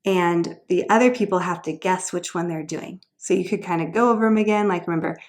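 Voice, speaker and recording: A woman's voice: fairly low pitch, brisk, a little mellow. A woman sharing homeschool tutoring ideas in a casual, upbeat instructional video, explaining each activity and then showing how it goes.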